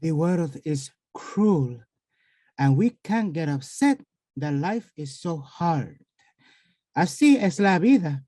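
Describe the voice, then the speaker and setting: The voice of a stern, devout older mother, as a woman puts her on. She speaks low and slow, and each phrase lands as firm counsel. A Spanish phrase slips in now and then, and the sound is close and dry. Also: animated, warm tone, dry recording, full character voice. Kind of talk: stage monologue acting.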